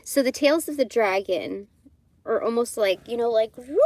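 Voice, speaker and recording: A woman's voice: fairly high pitch, moderate pace, darkish tone, dry recording. A woman hosting a casual spiritual live stream, rambling with many fillers and frequent giggles. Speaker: spiritual livestream host. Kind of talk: casual live tarot chat.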